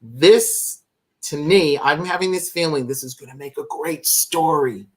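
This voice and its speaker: A man's voice: fairly high pitch, a little slow. A man telling a long, rambling anecdote as a live-stream guest, interrupting himself and laughing as he goes. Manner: rambling, self-interrupting, laughing through his story. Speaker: guest, fan club founder. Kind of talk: animated storytelling on a live stream.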